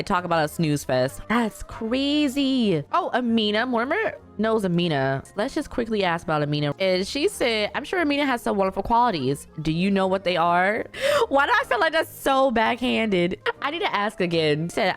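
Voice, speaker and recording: A chatty young woman talks her way through gameplay, her pitch swinging up and down as she reacts. Soft music plays faintly beneath her voice. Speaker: gaming YouTuber host. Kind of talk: casual gameplay commentary.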